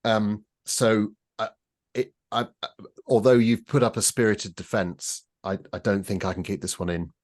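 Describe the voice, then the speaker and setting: A man with a fairly low voice talks casually on a podcast panel. He gives his views in a dry, wry way, with a critical edge. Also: flat delivery, moderate pace, darkish tone. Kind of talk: casual chat.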